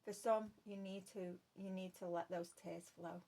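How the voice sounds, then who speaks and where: Addressing the listener as "love," a tarot reader earnestly gives a spoken reading to her viewers and repeats her phrases. Her voice is medium-pitched and warm, with fairly even intonation and a moderate pace.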